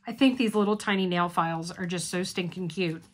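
A woman's voice: on the low side, brisk. A woman hosting a casual unboxing vlog, gushing and chatty as she talks to her viewers. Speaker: craft channel host.

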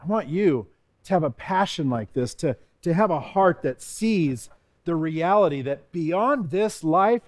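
A man's voice: a little high, expressive, measured pace. A man as a pastor giving an earnest devotional sermon, reading scripture with rising emphasis.

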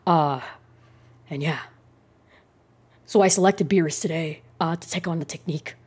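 A woman doing an impression of a laid-back young male gaming YouTuber, talking slowly and mumbling. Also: a little mellow, slightly rough. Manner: slow, mumbling, low-energy.

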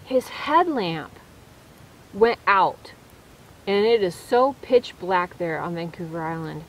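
A woman's voice: mid-range voice, slight background noise, poor audio. A woman vlogger telling a story casually to her viewers while camping alone in the woods at night, chatty, with restarts and fillers. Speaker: vlogger on a solo camping trip. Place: woods at night, at a debris shelter.

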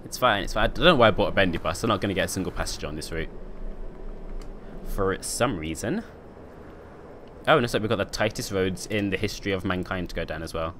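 A man's voice: low voice, fast talker, long pauses, a bit bright, a little hiss or hum. A young man streaming a bus game, joking and chatting with viewers. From United Kingdom. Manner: chatty, joking, talks to chat. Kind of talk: casual gameplay commentary.

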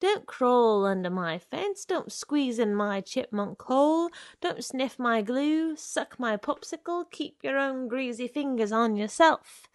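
A woman acts out a menacing young stalker with a wheedling, pushy way of talking. He drawls slowly, with a gravelly edge. The sound is close and dry. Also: mid-range voice, a little mellow, no room sound. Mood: rapid, bossy. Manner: wheedling and pushy, slipping into threats.

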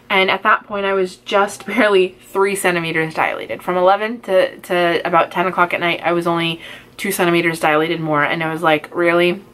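A woman's voice: on the low side, a bit bright. Chatty young woman vlogger. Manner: casual, lots of fillers and acted-out quotes. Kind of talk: chatty get-ready-with-me storytelling.

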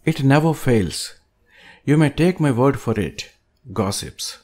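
A man reading an audiobook aloud with a measured, emphatic delivery. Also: medium pitch, expressive, darkish tone. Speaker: audiobook reader.

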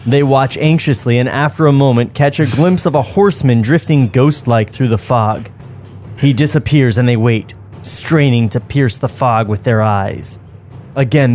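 A man reading the stage directions aloud in a comedic table read, steady and plain with dry asides. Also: mid-range voice, unhurried, faint music behind. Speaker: script reader and narrator.

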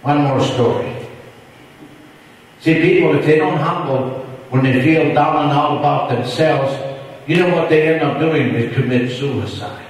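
A fervent preacher pushes his revival sermon with emphatic, repeated phrases in a high voice. He is heard from a distance in a large hall with long, rolling reverb. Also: unhurried. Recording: echoey hall from far off.

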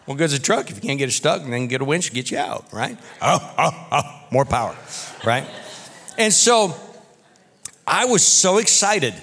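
Male pastor, animated folksy sermon, slightly high voice, church hall echo. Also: moderate pace. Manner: animated, folksy storytelling preacher.

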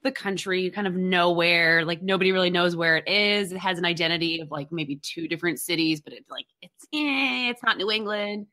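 A woman co-hosting a podcast, playful and quick to laugh. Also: on the low side, fairly even intonation, pushed and bright. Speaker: podcast co-host. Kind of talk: casual podcast chat.

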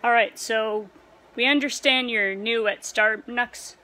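Woman with a high voice, doing skits. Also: steady tone, pushed and bright, low-quality recording. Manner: plays several characters in quick short exchanges. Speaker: comedy sketch performer. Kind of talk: comedic skit dialogue.

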